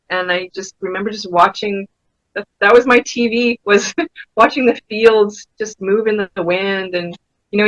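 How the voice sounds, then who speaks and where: A woman's voice: medium pitch, pushed and bright, dry recording, rough recording. A woman, an artist talking in a casual interview, enthusiastic and chatty, laughing often as she tells stories. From Saskatchewan, Canada. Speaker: fibre artist and pastelist, interview guest.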